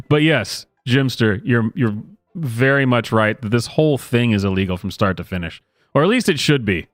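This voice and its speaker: A man's voice: mid-range voice, lively intonation, unhurried, pauses often, no room sound, studio quality, faint music behind. A man doing sarcastic reaction commentary, sardonic and incredulous, with chuckling asides. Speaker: online commentator.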